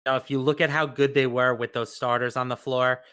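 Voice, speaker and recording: A man working as a betting analyst who talks in a measured, matter-of-fact way and walks through statistics to reach his picks. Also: medium pitch, level tone, a bit bright, clean tone.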